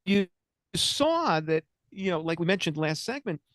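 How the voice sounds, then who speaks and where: A man's voice: sits high, sing-song, a little slow, fairly bright tone, no echo. A man in his sixties hosting a comedic political talk radio show, rambling and joking as he talks. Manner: rambling, joking, self-interrupting. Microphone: studio mic.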